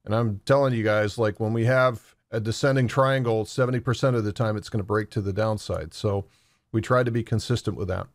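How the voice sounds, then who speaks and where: A man giving conversational crypto market commentary over charts, acting out what traders say in animated asides. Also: on the low side, brisk, dry recording, studio quality.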